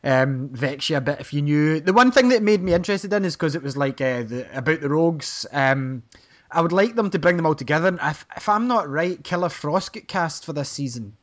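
A man's voice: fairly high pitch, lively intonation, fairly quick. A man, co-hosting a casual fan chat and talking with many fillers. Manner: chatty, hesitant with many fillers. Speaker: podcast co-host.

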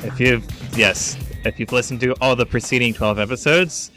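A man co-hosting and producing a casual podcast, dry and wry in a measured way. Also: medium pitch, bright, forceful tone, faint music behind. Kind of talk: casual banter.

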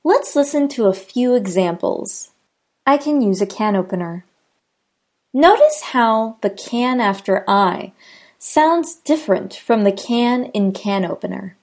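A woman with an American accent teaching a scripted pronunciation lesson, enunciating example sentences slowly and carefully. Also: a little high, big pitch swings, a little mellow.

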